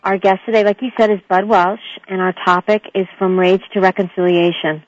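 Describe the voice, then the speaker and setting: A woman with a New York accent co-hosting a radio show, introducing the guest in a measured way. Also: mid-range voice, steady tone, no echo, soft background music. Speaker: co-host. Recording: dry, slightly muffled radio audio.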